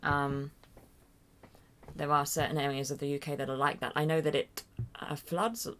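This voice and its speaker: An English woman hosts a casual livestream from her computer at home, reading viewer comments and answering in a rambling, hesitant, self-deprecating way full of fillers and small chuckles. Her voice sits low with little pitch movement, moderate in pace and a bit bright. Slight background noise comes through her desk mic, which is near a loud keyboard.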